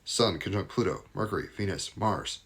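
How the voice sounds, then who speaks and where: Low-voiced man doing lively tarot readings. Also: moderate pace. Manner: loose, enthusiastic, rambling with asides and laughs. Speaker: tarot and astrology reader. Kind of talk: live daily tarot card reading.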